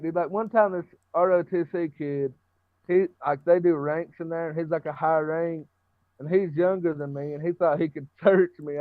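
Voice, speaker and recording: A man's voice: fairly high pitch, no room sound. A young man telling stories as a podcast guest in a brash, profane way, laughing through them. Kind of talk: casual storytelling with frequent laughter. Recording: dry, phone-like lo-fi audio.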